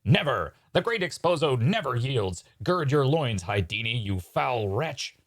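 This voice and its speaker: A man's voice: medium pitch, very animated, unhurried, pitched above the performer's own voice. A man voicing a proud, melodramatic male magician who makes archaic proclamations. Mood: defiant.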